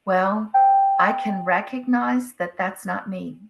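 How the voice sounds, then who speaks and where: A middle-aged woman speaks slowly and gently as she guides listeners through letting go of their frustration. Her tone is bright and forward. Now and then she slips into the voice of someone's inner thoughts. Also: mid-range voice, vocal fry. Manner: slow, soothing, acts out inner voices. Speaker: spiritual wellness channel host. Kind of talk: guided self-help talk.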